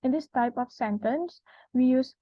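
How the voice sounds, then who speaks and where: A woman's voice: sits high, moderate pace. A young woman with an Indonesian accent giving a class presentation, explaining step by step with frequent fillers. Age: young adult. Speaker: student presenter. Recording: dry, dull lo-fi recording.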